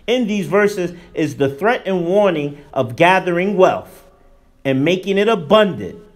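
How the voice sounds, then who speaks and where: A man giving a religious lesson in a loose, conversational way with emphatic bursts. His voice sits high for a man. It swings widely in pitch as he presses his points. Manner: animated, colloquial, emphatic preaching. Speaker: Islamic teacher.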